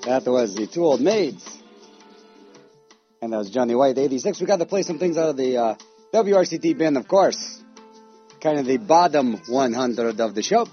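A man hosting a radio show, announcing records and reading public service spots in quick, joking patter. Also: mid-range voice, lively intonation, lo-fi sound, soft background music.

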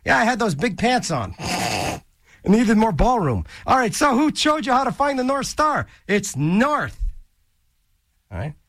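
Goofy college radio dj guy, high bouncy voice, riffing and joking between tracks. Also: very animated, measured pace, pauses often, a bit bright, dry recording, studio quality. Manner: goofy, rambling, jokey asides. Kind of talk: casual radio DJ patter. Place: small radio studio. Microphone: studio mic.

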